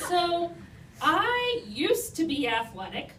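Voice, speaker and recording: High-voiced young woman, self-deprecating storyteller. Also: expressive, normal speed. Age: young adult. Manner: self-deprecating, chatty, lots of "like" and "you know". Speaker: speaker telling life stories to an audience. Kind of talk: humorous personal storytelling. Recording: roomy, distant mic, noisy.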